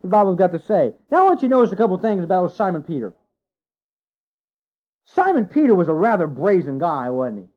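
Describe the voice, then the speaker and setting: A man preaching a sermon to his congregation, folksy and animated, full of rhetorical questions. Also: sits high, a little fast. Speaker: pastor. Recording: dull lo-fi sound.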